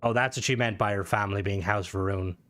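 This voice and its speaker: A man's voice: on the low side, fast, a bit bright. A man talks casually while streaming a game, rambling, swearing and restarting his sentences often. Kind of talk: casual gaming stream commentary.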